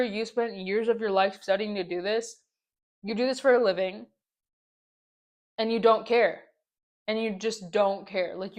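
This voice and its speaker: A young woman hosting her own podcast, venting in a casual story-time ramble full of "like" and exasperated repeats. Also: medium pitch. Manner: exasperated, ranting, lots of "like". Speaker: podcast host.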